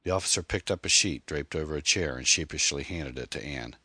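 A man reading a mystery novel aloud in a measured, dramatic narration. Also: a bass voice, sharp tone, slightly rough, no echo. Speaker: audiobook narrator. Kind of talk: scripted narration.

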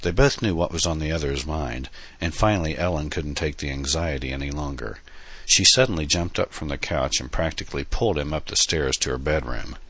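A man reading an audiobook in a steady, earnest storytelling manner. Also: extremely low pitch, fairly quick, husky, no echo. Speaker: narrator. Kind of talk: audiobook narration.

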